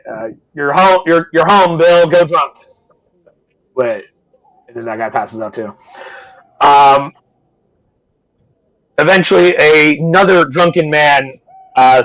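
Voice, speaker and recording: A man's voice: mid-range voice, steady tone, unhurried, pauses often, fairly bright tone, poor audio. A man running a live-streamed tabletop game as game master, talking loosely with lots of fillers and the odd swear.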